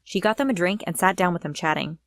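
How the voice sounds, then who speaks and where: A woman's voice: lowish voice, quick pace, no echo, studio quality. A young woman giving a dramatic first-person storytime narration. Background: faint music.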